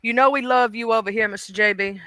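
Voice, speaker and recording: A woman's voice: a little high, fairly even intonation, quick pace, bright, forceful tone, no room sound. A woman hosting a casual livestream, chatting emotionally and greeting viewers in chat by name. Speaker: livestream host.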